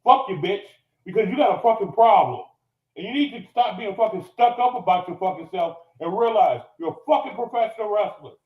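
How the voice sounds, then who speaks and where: A high-pitched man rants in a heated, profane fury. He sits some way back from the mic, so his voice sounds roomy and a bit dull. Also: animated, fairly quick, far from the mic. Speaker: podcast regular. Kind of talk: angry rant. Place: cigar lounge, live on location.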